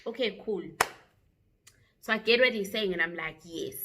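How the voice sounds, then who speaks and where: A young woman with a South African accent recounts a story to her viewers in a loose, chatty vlog. Her voice is bright and forward, and her delivery is animated, with regular asides to the audience. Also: mid-range voice, moderate pace. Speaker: YouTuber.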